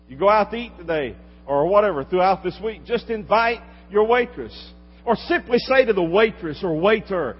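A pastor delivering a sermon, swinging from loud exhortation to quiet asides. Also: male voice, on the high side, lively intonation, a little fast. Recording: dull lo-fi recording with long hall reverb and faint hum.

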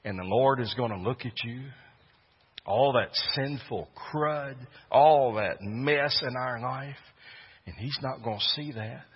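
A man preaching a sermon in an earnest way that swells to loud, fervent peaks. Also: medium pitch, slow pace, slightly rough, big-room sound, dull audio. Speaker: pastor.

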